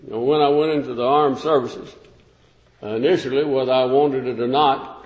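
An older American man preaching a sermon in a measured, conversational way, rising to emphatic peaks. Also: mid-range voice, steady tone. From United States. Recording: echoey hall, dull sound.

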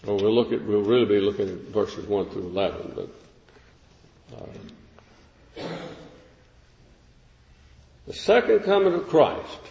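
An older American man preaching a sermon in a measured, conversational way, rising to emphatic peaks. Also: lowish voice, sing-song, vocal fry, warm tone. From United States. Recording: echoey hall, dull sound.

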